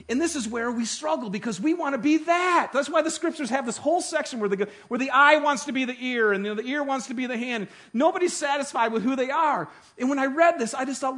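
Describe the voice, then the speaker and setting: A man preaching a sermon, telling stories with animated delivery that swings from hushed to loud. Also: extremely high pitch, slightly rough. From Detroit. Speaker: pastor.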